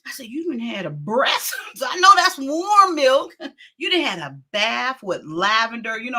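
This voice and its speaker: Woman host, middle-aged, high bright voice, chatty storyteller who laughs a lot. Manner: animated, laughs often, acts out quotes. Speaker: talk show host. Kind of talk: casual storytelling.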